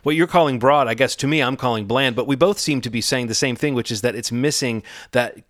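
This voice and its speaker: A man talks through a film review in a loose, conversational way. He rambles, restarts and adds wry asides. His voice sits at a middle pitch and sounds close and dry. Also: brisk, a bit bright, dry recording. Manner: rambling, self-correcting, wry. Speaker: film critic panelist. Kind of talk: casual podcast discussion.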